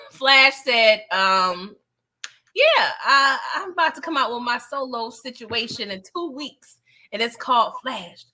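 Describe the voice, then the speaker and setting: In a slow, slightly high voice, a woman hosting a live movie review chat on her channel walks through scenes with emphatic, animated delivery. She voices the characters' lines and laughs a lot along the way.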